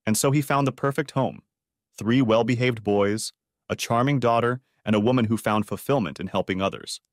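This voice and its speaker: A man reading a first-person story aloud in a dramatic, expressive way. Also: mid-range voice, moderate pace, no echo, studio quality. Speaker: story narrator.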